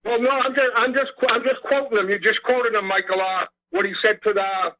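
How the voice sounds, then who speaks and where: A man calling in to a radio talk show, speaking haltingly with many fillers. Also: sits high, fairly even intonation, a little hiss or hum. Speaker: caller. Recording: muffled phone line.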